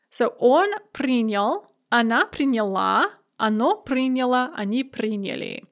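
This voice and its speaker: A woman teaching a recorded grammar lesson, clear and methodical, drilling word forms one after another. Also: a little high, fairly bright tone. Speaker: language teacher.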